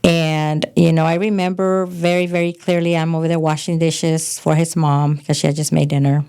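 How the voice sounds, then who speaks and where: A middle-aged woman from California, a podcast guest telling frank, animated stories about her past in casual conversation. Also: deep voice, normal speed, clean tone. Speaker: podcast guest, host's mother. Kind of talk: casual storytelling chat.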